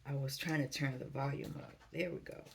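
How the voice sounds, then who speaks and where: Low-voiced woman giving a casual tarot reading. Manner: relaxed, chatty, thinks aloud, reads card text slowly. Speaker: tarot card reader. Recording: faint background noise.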